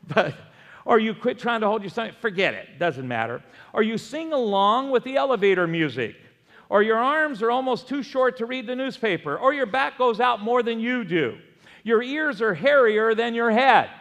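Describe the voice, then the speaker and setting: A man's voice: sits high, creaky, fairly bright tone, long reverb tail. An older man preaching a sermon as pastor, telling folksy stories with self-deprecating humor. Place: church sanctuary.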